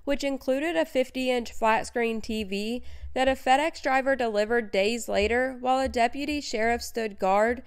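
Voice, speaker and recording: A woman narrating a true crime story in a steady, matter-of-fact scripted read. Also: a little high, moderate pace, few pauses, clear, resonant tone.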